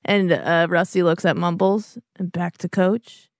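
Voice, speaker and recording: Gravelly-voiced woman playing a tabletop game. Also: fairly low pitch, fairly even intonation, measured pace, dry recording, studio quality. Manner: playful, laughing. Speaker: player. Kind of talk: casual tabletop play.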